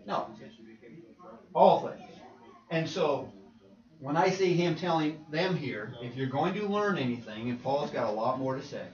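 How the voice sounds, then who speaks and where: An animated male preacher with a lively, swooping voice and a slightly high pitch. He talks with the class, tosses questions out and laughs as he goes. The sound is roomy and muffled, picked up from a distance in a church hall. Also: measured pace, long pauses. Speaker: preacher leading a Bible class. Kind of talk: interactive Bible class teaching.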